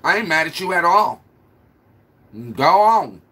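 A man's voice: high voice, lively intonation, unhurried, pauses often, pushed and bright. A man hosting a livestream, scolding his viewers in a repetitive, mock-patient way. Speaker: livestream host. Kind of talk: casual livestream rant.

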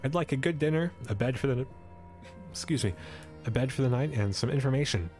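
A man's voice: medium pitch, lively intonation, fast, a little mellow, faint music behind, close to an everyday voice. A man voicing a pushy, demanding young male traveler in a storybook adventure, lifting his voice above his own. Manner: insistent and demanding.

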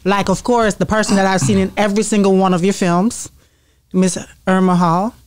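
Host with short, dry interjections. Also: female voice, medium pitch, flat delivery, normal speed, a little mellow, smooth, dry recording. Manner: brief affirming backchannels. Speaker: show host. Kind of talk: casual interview.

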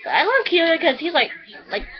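A woman rambling casually through a review, chatty and quick to swear. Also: very high-pitched, sing-song. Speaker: anime reviewer. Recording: dull lo-fi home recording.

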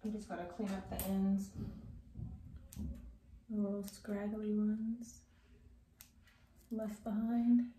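A woman's voice: medium pitch, monotone, takes it slowly, pauses often, warm tone. A woman chatting casually to her viewers while doing her hair at home. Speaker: vlogger. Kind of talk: casual vlog chat. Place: at home indoors. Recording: echoey room, faint background noise.

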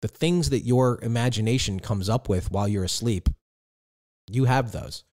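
A man's voice: mid-range voice, normal speed, darkish tone. Male podcast host, middle-aged, playful and chatty, talks straight to the listener, mid-range voice. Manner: playful, conversational, addresses listeners directly. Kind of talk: relaxed advice monologue.

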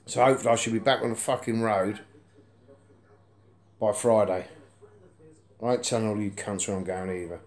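A man's voice: lowish voice, steady tone, normal speed, pauses often, a little mellow. A man, vlogging from indoors in a house, rambling bluntly and swearing constantly. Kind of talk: casual vlog chat.

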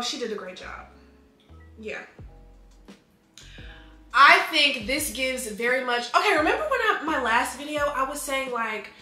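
Young woman, bubbly casual vlogger, chatty, higher pitch, echoey room. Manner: bubbly, excitable, chatty with fillers. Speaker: beauty vlogger. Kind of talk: casual perfume review. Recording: echoey room with faint music.

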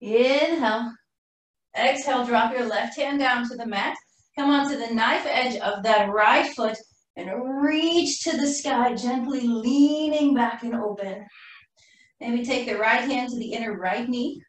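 A woman leads a yoga class in a slow, unhurried voice, a little high, breathless from moving through the poses with her students. She sounds well away from the microphone, and the studio rings with a strong echo. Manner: calm breathy cueing while flowing through poses herself. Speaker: yoga instructor. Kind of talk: live yoga class cueing. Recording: roomy echo from far off the mic.

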